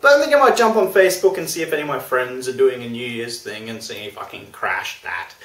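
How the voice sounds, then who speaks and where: Animated young man vlogging, roomy sound. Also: medium pitch, quick pace, hardly any pauses. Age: young adult. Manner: chatty, self-deprecating, animated. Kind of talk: casual video diary. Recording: roomy, distant mic.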